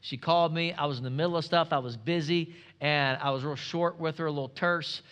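A pastor preaching a sermon, emphatic and asking the congregation rhetorical questions. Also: male voice, fairly high pitch, steady tone, a little fast, fairly bright tone, clear, resonant tone.

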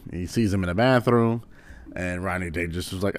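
Give me a deep-voiced man doing a casual, rambling commentary. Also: a little fast, no room sound. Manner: rambling, with frequent "um"s.

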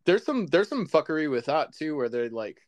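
A man's voice: a little high, sing-song, a little fast, dry recording. Chill guy on a comedy podcast, laughs easy, trails off, dead dry room. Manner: laid-back, laughs often, trails off. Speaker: podcast co-host. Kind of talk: casual comedy chat.

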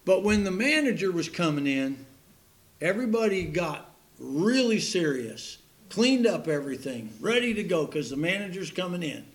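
A man's voice: high-pitched, big pitch swings, moderate pace. A man preaching a sermon in a folksy, joking way, laughing at his own puns and stories.

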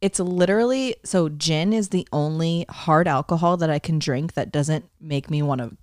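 Lower-voiced tipsy woman in her twenties. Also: moderate pace, a little mellow, dry recording, clean studio sound. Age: 20s. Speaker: podcast co-host. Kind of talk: casual chat. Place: sitting on a floor at home. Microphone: handheld mic.

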